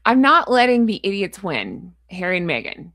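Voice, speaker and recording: A woman's voice: medium pitch, very animated, normal speed, a bit bright, dry recording, clean studio sound. A woman vlogger in casual chat to camera, frustrated, blunt and ranting, with a chatty, rambling sign-off. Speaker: royal commentary vlogger.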